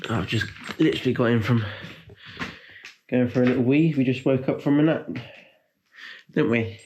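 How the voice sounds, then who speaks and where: A man in his twenties or so, chatting casually to his camera at a mid-range pitch. He coos gentle praise in a sing-song way, then drifts into loose, hesitant explaining with plenty of ums. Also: a little slow, pauses often, a little hiss or hum. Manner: coaxing, sing-song puppy talk mixed with rambling explanation full of ums. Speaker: vlogger and new puppy owner. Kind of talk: casual vlog chat.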